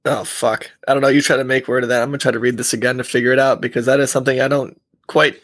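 A man co-hosting a podcast, rambling in casual chat with plenty of swearing and easy laughter. His voice sits at an ordinary middle pitch. The sound is close and dry, with no room in it. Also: flat delivery, very fast, no room sound. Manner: loose, profane, laughs often. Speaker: podcast co-host.

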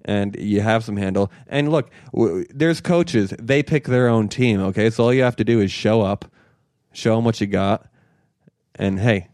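A man's voice: on the low side, moderate pace, a little mellow, no room sound, clean studio sound. A man co-hosting a podcast, defending his idea in casual banter, insistent and defensive. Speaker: podcast co-host.

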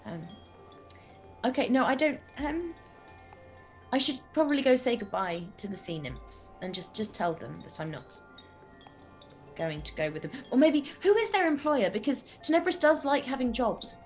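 A woman playing her character in a tabletop game. She talks politely and haltingly, full of ums. Her fairly high voice moves up and down a lot. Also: expressive, soft background music. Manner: hesitant and polite, with many fillers. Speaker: player. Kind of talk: in-character role-play chat.

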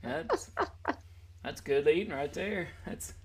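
A man's voice: medium pitch, normal speed. A man hosting a podcast in casual chat, joking and rambling as he teases his co-hosts. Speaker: podcast host.

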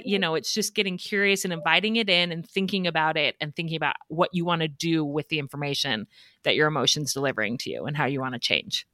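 Low-voiced woman podcast host, dry sound. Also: fast, bright, forceful tone, no echo. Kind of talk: casual podcast conversation.

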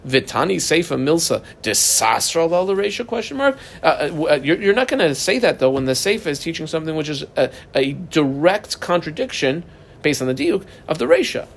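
Animated gravelly man teaching a text. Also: fairly quick. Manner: animated, jumps up in pitch for emphasis. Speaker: Talmud teacher. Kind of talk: explaining a text line by line.

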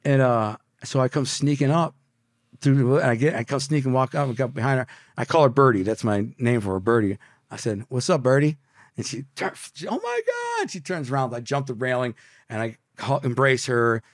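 A man's voice: medium pitch, fairly even intonation, fairly quick, no echo. Man telling his story, dry sound. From Detroit, USA. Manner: emotional, vivid storyteller using slang like dude and bro. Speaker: podcast guest, author. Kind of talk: casual storytelling in an interview.

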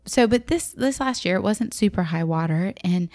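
A woman telling a personal story in a reflective, vivid way, sometimes dropping to a hush. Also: medium pitch, animated, normal speed, no room sound, clean studio sound.

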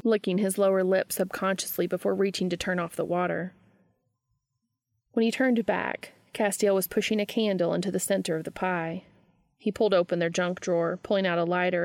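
A woman reading a story aloud in a calm, even storytelling manner, close to the mic. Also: fairly low pitch, creaky, no room sound. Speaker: reader. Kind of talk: reading fan fiction aloud.

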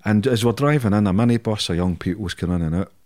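A man's voice: on the low side, racing, darkish tone, dry recording, clean studio sound. A middle-aged man with a Scottish accent, telling stories as an interview guest in a blunt, sweary, chuckling way. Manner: blunt, heavy swearing, chuckles through anecdotes. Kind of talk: casual storytelling.

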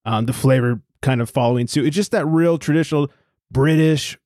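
A man co-hosting a casual podcast, telling stories in an animated way, swearing freely and laughing often. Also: medium pitch, brisk, no echo, studio quality. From United States. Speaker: podcast co-host. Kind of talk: casual chat.

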